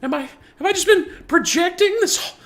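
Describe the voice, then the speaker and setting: A man putting on a high, flustered voice as an older woman politician talking herself through a crush, a comedic impression. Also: normal speed, fairly bright tone, faint music behind. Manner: breathless, flustered self-talk.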